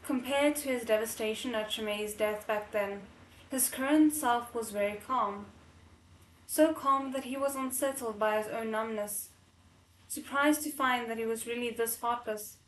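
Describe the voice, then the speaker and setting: A woman reading a novel aloud in a slightly high voice, pausing for emotional asides as she chokes up. Her voice rings a little in an echoey room. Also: slight background noise. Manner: emotional, tearful asides between passages. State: choked up from crying. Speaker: novel readalong host.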